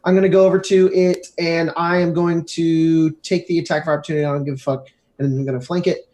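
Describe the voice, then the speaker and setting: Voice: mid-range voice, flat delivery, quick pace, dark tone. A player in a tabletop game, talking in a brash way, swearing and laughing often.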